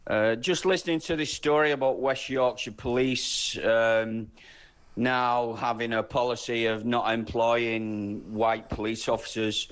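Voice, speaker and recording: A man's voice: mid-range voice, steady tone, a little slow, a bit bright, smooth. A man from Lancashire leaving a voice note for a radio show, earnest and worried. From Lancashire, England. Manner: earnest, worried, building concern.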